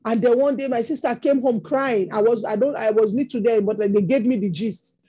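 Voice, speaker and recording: A woman's voice: a little high, brisk, mellow, slightly rough. A Nigerian woman preaching a sermon, telling stories that rise into impassioned exclamations. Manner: storytelling, rising to impassioned exclamations.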